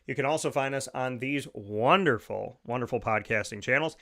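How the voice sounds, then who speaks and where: This is a man hosting his own radio and podcast show in a studio, his medium-pitched voice sharp in tone and at a normal speed. He delivers energetic show talk, enthusiastically rattling off plugs and lists.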